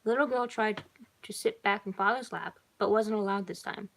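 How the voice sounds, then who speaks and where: Female reader of a story, gravelly voice, casual quiet commentary between passages. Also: mid-range voice, normal speed, low-quality recording. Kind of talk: reading a story aloud with commentary.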